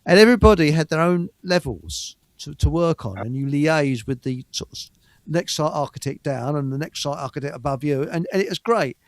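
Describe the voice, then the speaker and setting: A man's voice: fairly high pitch, expressive, a little fast, dry recording. An older man, host of a live stream, telling stories in a rambling, stammering way and chuckling often. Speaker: show host. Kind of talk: casual storytelling on a live stream.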